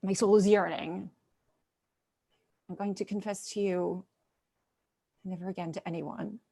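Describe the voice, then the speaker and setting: A woman's voice: fairly low pitch, fairly even intonation, unhurried, creaky, warm tone, slightly rough, exaggerated voice. Woman reading a brooding sister confessing. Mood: confiding. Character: brooding middle sister with a secret. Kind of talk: cold-read stage drama. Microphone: video call.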